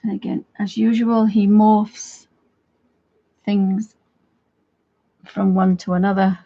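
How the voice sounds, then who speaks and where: A woman's voice: mid-range voice, level tone, slow pace, creaky, mellow, muffled recording. A woman chatting casually as she walks through a coloring tutorial at home, rambling a little as she works. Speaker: craft video host.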